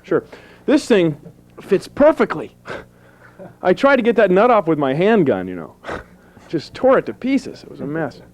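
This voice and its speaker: A man in his thirties doing goofy stand-up comedy on a public access TV show, deadpan jokes with sudden silly voices. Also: sits high, moderate pace. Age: 30s. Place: small TV studio with live audience.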